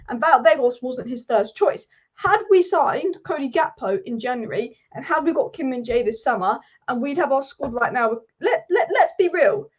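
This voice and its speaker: A woman with a high voice hosts a live football channel show, ranting with passion and repeating her points for emphasis. The audio sounds dull.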